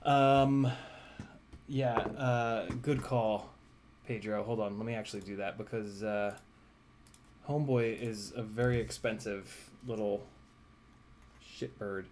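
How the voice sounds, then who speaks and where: A man's voice: on the low side, flat delivery, slow pace, long pauses, a little mellow, a little hiss or hum. Laid-back swearing man on a live stream. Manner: laughing, swearing, scolding his cat. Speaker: drone streamer. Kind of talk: casual live Q&A chat. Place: home room with glass doors.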